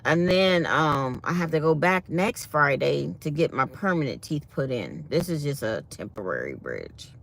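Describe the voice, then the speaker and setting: A woman's voice: low-pitched, big pitch swings, moderate pace, vocal fry, few pauses, a little hiss or hum. Fields: Sex: woman. Role: vlogger. Style: chatty casual storytelling to viewers. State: sore mouth after dental work. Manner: chatty storytelling, speaks her mind.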